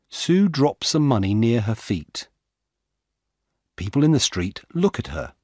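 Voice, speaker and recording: A male narrator reads a simple story for English learners, slow and deliberate, with an animated pitch. The sound is close and dry. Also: dry recording.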